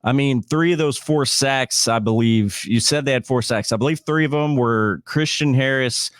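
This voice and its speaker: A man's voice: mid-range voice, moderate pace, no echo, clean studio sound. A man talking as a guest on a casual sports podcast, enthusiastic, with stammering restarts.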